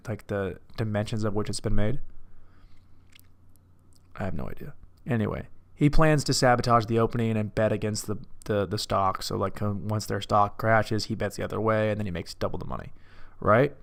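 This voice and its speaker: A man's voice: on the low side, fairly quick, vocal fry. A man alone in a room, casually reviewing a film, rambling, cursing and mocking himself. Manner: rambling, self-mocking, profane. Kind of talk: casual movie commentary.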